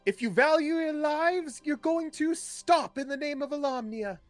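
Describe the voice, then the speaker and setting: A man's voice: very high voice, measured pace, faint music behind, pitched above the performer's own voice. A man voicing a young woman bard who speaks slyly and commandingly. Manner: whispered then commanding.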